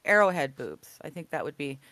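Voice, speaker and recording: A man's voice: fairly high pitch, big pitch swings, brisk, bright, forceful tone, dry recording. A man co-hosting a casual live show, laid-back and chiming in with short remarks. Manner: laid-back, brief interjections, laughs easily. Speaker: livestream co-host. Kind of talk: casual chat.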